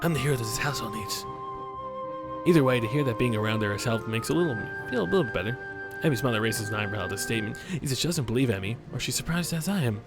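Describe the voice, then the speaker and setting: A man's voice: mid-range voice, animated, racing. Rambling young man playing a visual novel. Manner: rambling, joking, profane. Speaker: let's play host. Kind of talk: game commentary and reading aloud. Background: game music.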